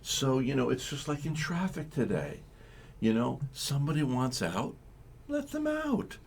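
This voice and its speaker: Rambling, animated male radio host. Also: medium pitch, unhurried, creaky, slight background noise. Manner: rambling, animated storytelling with acted-out quotes. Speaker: radio talk show host. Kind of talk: live morning radio talk.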